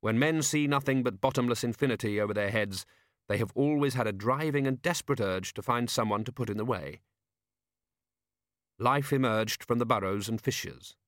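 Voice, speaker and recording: A man reading a storybook, dry and even. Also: mid-range voice, normal speed, no echo. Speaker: audiobook reader. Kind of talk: scripted narration.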